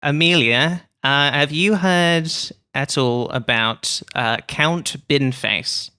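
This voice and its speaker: A woman's voice: sits low, slow, sharp tone, clear, resonant tone. A woman from England with an English accent co-hosting a podcast, making dry, wry jokes and laughing often. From Bath, England. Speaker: podcast co-host. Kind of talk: casual podcast chat.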